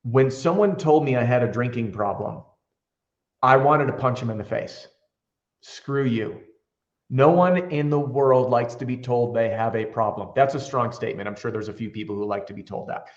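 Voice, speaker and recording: A man's voice: medium pitch, brisk, echoey room, muffled recording. A man who trains roofing salespeople tells candid stories with energy in a casual interview, acting out the dialogue he quotes.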